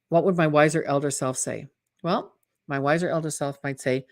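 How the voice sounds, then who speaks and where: A woman coaching on a live webinar, lively and chatty, often checking in with her audience. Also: low voice, moderate pace. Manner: lively, acts out imagined inner voices in quotes; chatty, asks the audience "right?". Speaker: mental fitness coach hosting a webinar.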